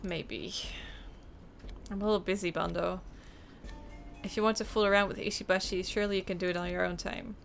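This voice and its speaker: A woman's voice: lowish voice, fairly even intonation, brisk, vocal fry, faint music behind. Woman voicing a young female detective, bitter, wry, determined, game monologue. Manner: wry, resentful inner monologue. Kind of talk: reading game dialogue aloud.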